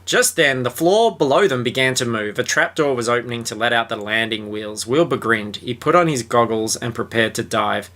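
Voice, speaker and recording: A man's voice: medium pitch, moderate pace, few pauses, a bit bright. A man from Australia with an Australian accent, hosting a podcast, reading a book aloud and chatting in a sweary, sarcastic way. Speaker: podcast host. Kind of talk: casual chat and reading aloud.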